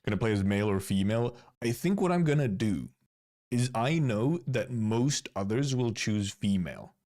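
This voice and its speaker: A man's voice: fairly low pitch, lively intonation, normal speed, a little mellow. A Finnish streamer chatting casually as he reviews game content, rambling and restarting his words. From Finland. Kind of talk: casual live-stream commentary.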